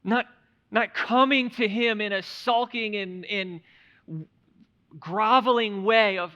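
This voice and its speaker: A man preaching in a church with a high, bright, forceful voice. He drops to hushed reflection, then rises to loud, emphatic declarations. The recording is dull and lo-fi. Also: slow. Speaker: pastor. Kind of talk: sermon. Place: church sanctuary.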